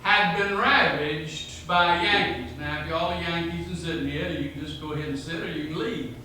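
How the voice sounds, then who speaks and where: A man's voice: on the high side, normal speed, sharp tone, slight background noise. A man from north Georgia with a Southern accent, telling humorous family history stories to a local history group. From north Georgia, USA. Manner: humorous, rambling family storytelling. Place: meeting room. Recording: very echoey room, mic far off.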